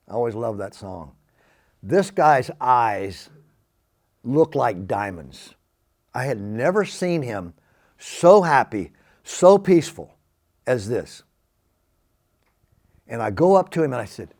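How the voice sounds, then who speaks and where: Older man, mid-pitched, animated testimony storyteller who acts out his quotes. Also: measured pace, long pauses. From Texas, USA. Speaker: Christian testimony speaker.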